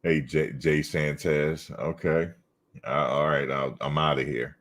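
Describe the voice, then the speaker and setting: Male stream host, very low voice, laid-back teasing banter. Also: little pitch movement, a little slow, fairly bright tone. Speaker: host of a fan livestream. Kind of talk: casual chat reading live comments.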